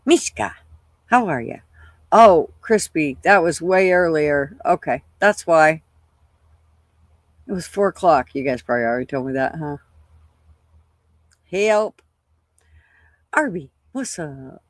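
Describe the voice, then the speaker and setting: A woman's voice: sits low, expressive, slow, long pauses, dry recording, clean studio sound. An older woman hosting a casual livestream, chatting loosely, swearing freely and greeting viewers by name at her computer. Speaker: livestream host.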